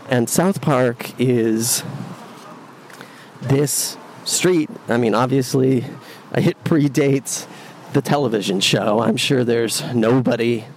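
A man's voice: mid-range voice, a little hiss or hum. A man narrating his walk to work, talking casually and rambling with lots of fillers, recorded on a phone on a city street. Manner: meandering, many fillers and restarts. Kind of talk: casual rambling monologue while walking. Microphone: phone recording app. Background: faint street ambience.

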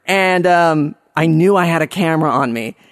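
A man's voice: fairly high pitch, dry recording. Self-mocking man telling a story, dry sound. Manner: self-mocking, halting with restarts. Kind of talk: personal story told to an audience.

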